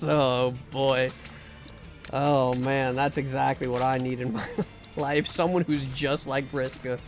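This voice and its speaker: A man's voice: mid-range voice, flat delivery, takes it slowly, faint music behind. A man streaming live, chatting casually and rambling with jokes while playing a game. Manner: rambling and joking, with restarts and mock pleas. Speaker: streamer and VTuber. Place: home room.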